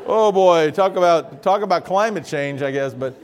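A man's voice: on the high side, normal speed, a little hiss or hum. A man preaching a conversational sermon, asking his congregation questions and correcting himself as he goes. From Miami area, Florida.

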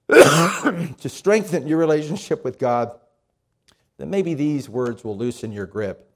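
Male pastor, slightly higher voice, easygoing sermon delivery with casual asides. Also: slightly rough. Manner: conversational, lively storytelling with pauses.

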